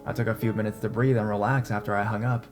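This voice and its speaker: A young man reads a scary story aloud in a measured, tense storytelling voice. His voice is low, and faint plucked guitar music plays quietly behind him. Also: flat delivery. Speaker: horror story narrator. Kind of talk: scripted horror story narration.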